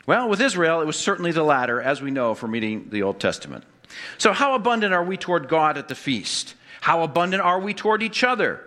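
Man, pastor, sermon, bright voice, slightly high pitch, asks the congregation questions, wry humor. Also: big pitch swings, a little fast.

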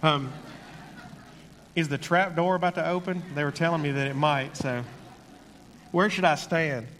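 A man giving a sermon in an earnest, conversational way, slowing down to stress key points. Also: on the high side, a bit bright, big-room sound, a little hiss or hum. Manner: earnest, conversational, slows for emphasis. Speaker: preacher.

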